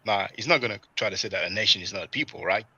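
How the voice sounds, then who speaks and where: Chatty man with a very bright voice. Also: on the low side, very fast, slightly rough, dry recording, muffled recording. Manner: animated, chatty, lots of "you know". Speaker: livestream host. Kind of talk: casual livestream commentary.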